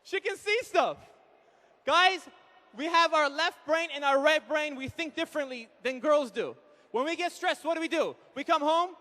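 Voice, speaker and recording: A man in his thirties doing animated stand-up comedy, acting out quick voices of husbands and wives on a live hall mic. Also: very high voice. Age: 30s. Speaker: comedian speaker at an event. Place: large hall with an audience.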